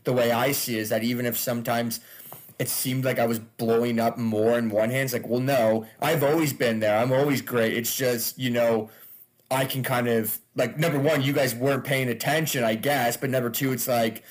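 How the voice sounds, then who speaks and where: A man's voice: medium pitch, steady tone, normal speed. Man, stand-up comic, casual podcast chat, loose, cursing, laughing. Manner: loose, swearing, laughs often. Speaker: guest comedian.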